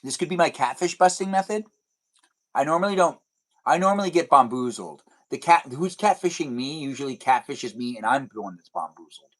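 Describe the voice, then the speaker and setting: A man's voice: mid-range voice, animated, brisk. Young man, livestream host, rambling, answering chat, indoors at home. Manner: chatty, rambling, answers chat messages aloud. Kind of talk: casual livestream chat reading comments.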